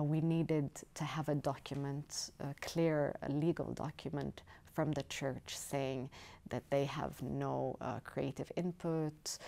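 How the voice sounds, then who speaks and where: A woman filmmaker talking about her documentary in a film festival interview, reflective and measured, pausing to search for words. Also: rumbling low, gravelly, dark tone.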